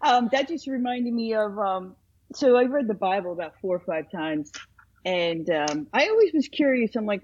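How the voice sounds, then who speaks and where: A woman in her fifties chatting casually as a podcast guest, earnest and animated as she talks about healing and faith. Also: mid-range voice, normal speed, lo-fi sound. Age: 50s. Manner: earnest, animated, speaks of being a healer. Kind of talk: casual chat.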